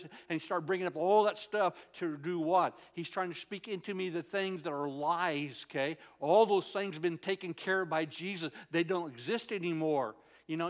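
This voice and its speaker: An older man preaching a sermon in an animated storytelling way, dropping to a soft, tender voice when he quotes God. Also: a little high.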